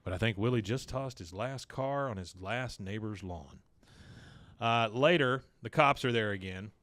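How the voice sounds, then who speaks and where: A man co-hosting a podcast, casually retelling a cartoon episode and jumping into quick voices for the characters. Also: medium pitch, dry recording. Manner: animated, acts out characters' lines in quick put-on voices. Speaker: podcast co-host recapping an episode.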